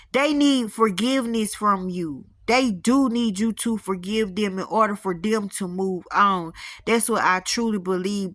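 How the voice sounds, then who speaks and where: A woman's voice: medium pitch, dry recording, studio quality. A woman telling a spiritual story in casual chat, acting out the voices of the people in it. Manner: animated, acts out quoted voices.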